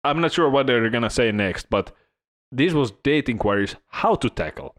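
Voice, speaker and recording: Animated teasing man. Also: medium pitch, moderate pace. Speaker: podcast co-host, former hotel worker. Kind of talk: casual podcast chat.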